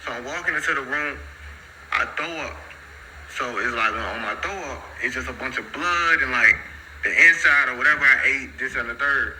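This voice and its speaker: Male storyteller, casual and slangy, mid-pitched and piercingly bright. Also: moderate pace, a little hiss or hum, poor audio. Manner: slangy, rambling, repeats "so boom".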